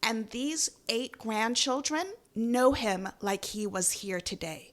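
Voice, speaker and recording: A woman's voice: on the high side, takes it slowly. A middle-aged woman from Jamaica co-hosting a podcast, telling family stories in an earnest, reflective way. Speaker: podcast co-host. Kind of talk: casual podcast chat.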